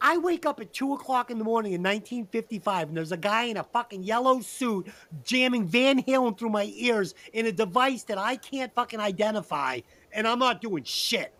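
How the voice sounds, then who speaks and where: A man co-hosting a comedy podcast, talking loudly and rambling, swearing freely and laughing often. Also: high-pitched, expressive, a little fast, hardly any pauses. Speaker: podcast co-host. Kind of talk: casual comedy podcast banter.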